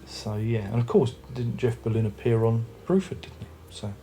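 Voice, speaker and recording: This vlogger's mid-range voice is warm, with lively intonation and a normal pace, as he chats casually about an album at home. Faint music plays behind him in a room with a record player and speakers. His delivery is rambling and chatty, with plenty of restarts.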